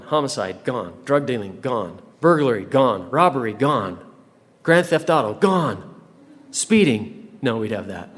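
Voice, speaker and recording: A man's voice: mid-range voice, a little hiss or hum. A man giving a humorous devotional talk to young people, full of rhetorical questions and playful asides. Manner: joking asides, rhetorical questions, dramatic pauses. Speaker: church speaker. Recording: live talk in a large hall with long reverb.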